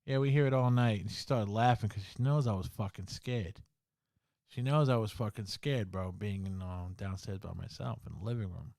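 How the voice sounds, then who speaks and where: A man hosting a podcast, telling a ghost story in casual talk full of swearing and slang, dropping to a hush in the scary parts. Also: fairly low pitch, moderate pace, vocal fry, dry recording, clean studio sound. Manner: swearing, slangy, full of "bro" and "you know"; drops to a hushed voice in the scary parts. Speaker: podcast host.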